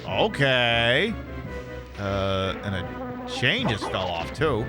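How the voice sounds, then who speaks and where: A man's voice: mid-range voice, sing-song, slow pace. A man giving sarcastic, profane commentary as he plays a video game, talking straight at the enemies and weapons on screen. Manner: sarcastic, swears freely, talks to enemies and items. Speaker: streamer playing a video game. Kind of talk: let's-play gameplay commentary. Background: game music.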